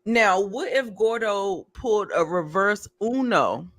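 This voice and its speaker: A woman with a mid-range voice shares theories in a relaxed live discussion. She thinks aloud, hesitating and restarting as she builds her point. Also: medium pitch, slow pace. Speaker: panelist. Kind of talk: casual chat.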